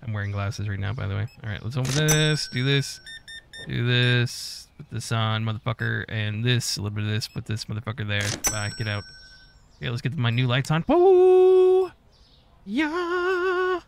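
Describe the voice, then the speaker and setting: A man's voice: lowish voice, steady tone, fairly quick, creaky, background noise. A man giving casual, profane gameplay commentary, mock-scolding customers and staff as he plays. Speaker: gaming YouTuber.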